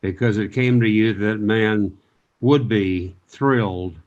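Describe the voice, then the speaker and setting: A man's voice: lowish voice, takes it slowly, a little mellow, lo-fi sound. Friendly male interview host. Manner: friendly, encouraging questioner. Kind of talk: conversational interview.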